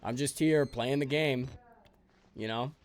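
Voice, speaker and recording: A man's voice: medium pitch, unhurried. A man streaming a game live, joking and rambling sleepily with his chat.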